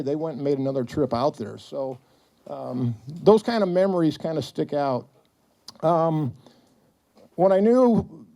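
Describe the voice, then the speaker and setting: Speaking to an audience in an event hall, a middle-aged man jokes his way through anecdotes at a retirement party, performing the quotes of the characters involved. He has a mellow voice that leans high.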